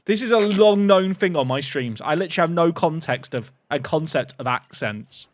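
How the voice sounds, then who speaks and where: Excitable man streaming a racing game. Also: a little high, moderate pace. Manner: excitable, chatty, talks to chat. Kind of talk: live gameplay commentary. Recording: faint game music behind.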